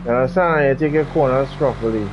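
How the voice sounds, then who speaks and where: A man's voice: medium pitch, quick pace, lo-fi sound, noisy background. A man hosting a gaming channel, giving laid-back commentary while he drives, muttering and repeating himself. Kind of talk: casual gameplay commentary.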